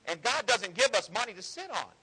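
A man's voice: high voice, big pitch swings, fairly quick, gravelly, sharp tone, breathy edge, poor audio. A man preaching a sermon in an earnest, conversational way with folksy asides. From Ohio.

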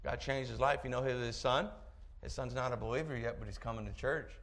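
A man preaching a sermon, telling a story in an animated way with chuckling asides. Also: mid-range voice, brisk, slight background noise.

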